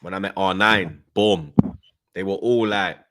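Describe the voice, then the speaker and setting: A man's voice: deep voice, measured pace. A young man hosting a casual fan stream, reading out chat and telling stories with lots of slang and laughter. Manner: animated storytelling with slang, laughing, mimicking voices. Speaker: fan channel host.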